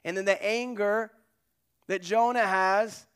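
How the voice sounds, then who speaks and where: A male pastor preaching a sermon in an earnest way, moving between loud emphasis and hushed asides. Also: sits high, fairly even intonation, slow pace, clear, resonant tone.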